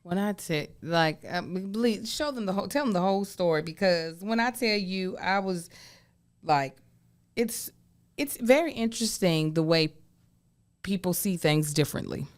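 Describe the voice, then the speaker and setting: A woman's voice: mid-range voice, expressive, normal speed. A woman co-hosting a podcast, explaining things at length in casual talk. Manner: explains at length, with fillers and restarts. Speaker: podcast co-host. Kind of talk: casual chat.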